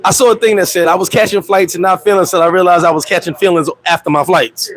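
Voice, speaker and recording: This host talks fast with fairly even intonation and a bit of brightness, running a casual live chat full of slang, cursing, and loose storytelling. He acts out quoted voices, jumping high in pitch, and speaks to friends and viewers by name.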